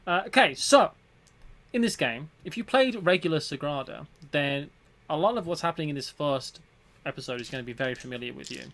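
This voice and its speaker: A man's voice: on the high side, lively intonation, fairly quick, fairly bright tone. A man co-hosting a livestreamed board game demo, joking around and thinking aloud while he explains the rules. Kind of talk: casual livestream chat.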